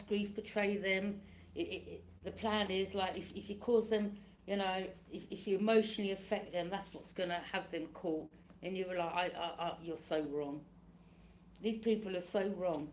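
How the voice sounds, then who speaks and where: A woman's voice: medium pitch, steady tone, normal speed, darkish tone, slight background noise. A woman giving a casual tarot reading, chatty and laughing often, acting out other people's lines. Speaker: tarot reader.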